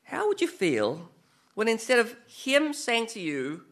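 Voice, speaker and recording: A male preacher with a high voice gives a chatty sermon. His tone is bright and a little tense, and he keeps turning to the listeners with rhetorical questions and self-mocking asides. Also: very animated, moderate pace, creaky. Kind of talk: conversational sermon.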